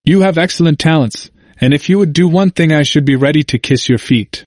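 A proud bishop with a smooth, condescending manner and irritation held in check, as a man reads him in a storybook. His voice is ordinary in pitch. The sound is dry and close. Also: moderate pace, no room sound, close to an everyday voice. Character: haughty male bishop, irritated but gracious.

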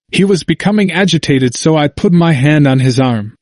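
A man narrating a first-person memoir in a measured, reflective way, recorded on a close studio mic. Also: fairly high pitch, animated, a little mellow, no room sound. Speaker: audiobook narrator.

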